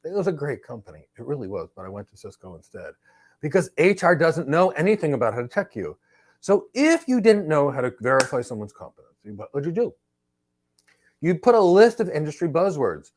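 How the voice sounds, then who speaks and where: A middle-aged man hosting a live career Q&A, telling stories in an emphatic, animated way. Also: a little high, a little fast. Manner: emphatic, animated storyteller who acts out exchanges. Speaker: host and cloud career trainer. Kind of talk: live Q&A with storytelling.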